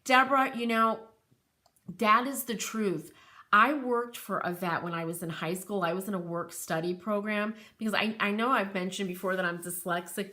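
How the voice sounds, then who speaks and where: A woman's voice: medium pitch, bright, forceful tone. A middle-aged American woman hosting a live crafting stream, talking in a chatty, rambling way and reading out viewer comments. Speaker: craft channel host.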